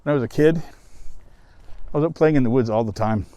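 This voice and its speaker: A man from the US East Coast vlogs on a wooded ravine trail, narrating casually while hiking, laughing, swearing and out of breath from climbing. His medium-pitched, warm voice is fairly quick, recorded dry on a handheld camera outdoors.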